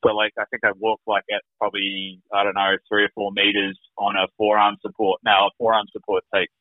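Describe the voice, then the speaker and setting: A man's voice: fairly low pitch, flat delivery, brisk, dry recording. A man, a guest on an interview, telling his own story in a rambling, casual way, full of "like" fillers. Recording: tinny phone-like remote call audio.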